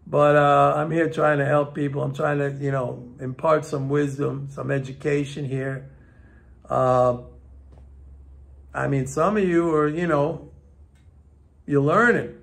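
A man's voice: fairly high pitch, fairly even intonation, a little slow, vocal fry, long pauses. Blunt, exasperated older man ranting. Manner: blunt, exasperated, swears freely. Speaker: economics show host. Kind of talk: ranting monologue to viewers.

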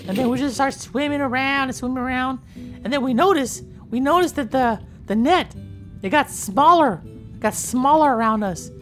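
A woman's voice: high-pitched, normal speed, faint music behind, lightly acted. A woman voicing a chatty young bottlenose dolphin who tells a rambling tale in character over game footage, stammering and repeating herself. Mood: breezy. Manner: rambling, stammering storyteller full of fillers and repeats.

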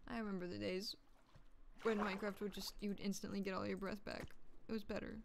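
A woman's voice: mid-range voice, flat delivery, a little fast, vocal fry, noisy background. A woman, streaming a game and chatting casually in a crude, jokey way, humming and muttering to herself as she plays. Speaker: gaming streamer. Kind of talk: casual gameplay commentary.

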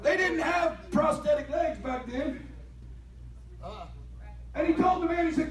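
A man preaching a fervent sermon, moving between quiet talk and shouting. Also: extremely high pitch, a little slow, pauses often. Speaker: lay preacher. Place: church sanctuary. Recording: echoey church hall, distant mic, congregation responding.

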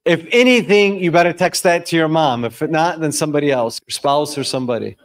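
Leading a lively sermon before a live audience, this religious discussion leader asks questions and answers them himself. His slightly high voice swings between loud bursts and quiet, slowed emphasis.

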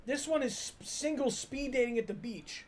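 A man's voice: extremely high pitch, moderate pace, a little mellow, slight background noise. A man hosting a casual reaction stream, bantering and reacting in disbelief to his co-host.

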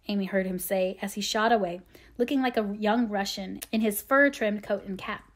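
This is scripted audiobook narration of a classic novel, read by a woman whose voice sits at a medium pitch. She tells the story in a steady, expressive way.

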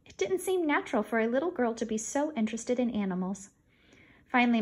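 A woman reading a children's chapter book aloud, voicing the dialogue of a mother and a young girl. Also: mid-range voice. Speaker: narrator. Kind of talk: audiobook reading.

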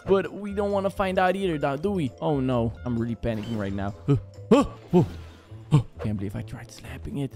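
A man's voice: mid-range voice, a little fast, darkish tone, soft background music. A young man hosting a gaming channel, giving jumpy, exclaiming commentary on a horror game and talking to his viewers.

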